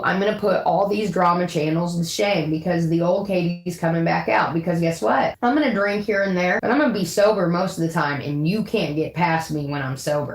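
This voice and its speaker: A woman's voice: on the low side, rough recording. A middle-aged woman ranting to her viewers in a profane, boastful and threatening way. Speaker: drama livestreamer. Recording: faint background noise.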